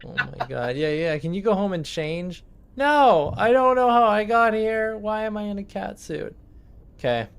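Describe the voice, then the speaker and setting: Male streamer, voice a touch high, loose and rambling, swears often. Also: expressive, moderate pace, clean tone. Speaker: streamer and game master. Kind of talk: casual chat on a live stream.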